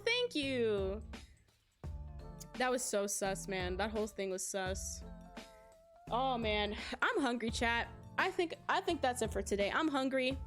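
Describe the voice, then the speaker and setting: A young adult woman streaming, chatting casually with her viewers and telling a story with lots of laughter. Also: on the high side. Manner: animated storytelling, laughs often, addresses chat.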